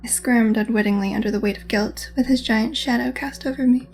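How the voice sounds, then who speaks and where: A woman's voice: fairly high pitch, steady tone, a little fast, darkish tone. A woman gaming host reading a visual novel aloud, mixing dramatic reading with casual asides. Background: faint game music.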